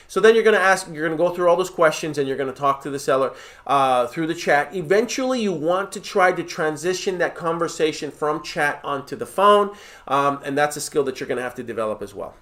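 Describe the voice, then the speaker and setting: A man's voice: on the high side, fairly bright tone. A man giving direct, emphatic coaching advice as a real estate mentor, often checking in with "right?" and "okay?". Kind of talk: coaching talk to camera.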